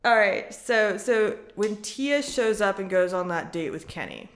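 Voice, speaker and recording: A woman chats casually on a podcast, frank and quick to swear. Her voice sits in a middle pitch, and the room around her is echoey. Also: lively intonation. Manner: frank, swears freely, jokey impressions. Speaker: podcast co-host. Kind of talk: casual chat recapping a reality show.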